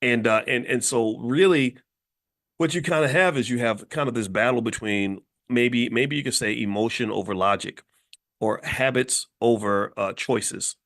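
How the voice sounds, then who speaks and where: A man's voice: medium pitch, normal speed, fairly bright tone. A middle-aged man from Kentucky giving a blunt, lecturing casual monologue as a commentator host. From Louisville, Kentucky.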